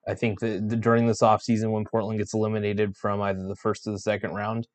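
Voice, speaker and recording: A man's voice: on the low side, little pitch movement, fast. A tired man ranting in exasperation about his basketball team, swearing and restarting his sentences as he vents. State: yawning, tired. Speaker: sports vlogger. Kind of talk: frustrated sports rant.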